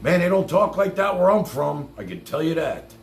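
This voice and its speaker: A man on a live stream, talking in a high, gravelly voice that swoops up and down as he mocks and swears. The sound is echoey, as if from a bare room. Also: very animated, normal speed. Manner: mocking, repeats lines back with sarcasm, swears freely. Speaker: streamer reacting to a clip. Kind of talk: heated live-stream commentary.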